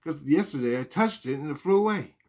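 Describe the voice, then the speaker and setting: A man's voice: on the high side, animated, a little fast, darkish tone. A man casually telling a personal spiritual story, swearing freely and talking in an earnest, conversational way.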